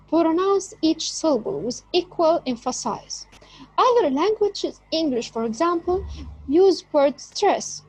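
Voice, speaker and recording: A woman teaching an English lesson, speaking deliberately and stressing key words. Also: high-pitched, darkish tone, dry recording, poor audio. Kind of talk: slow explanatory lesson.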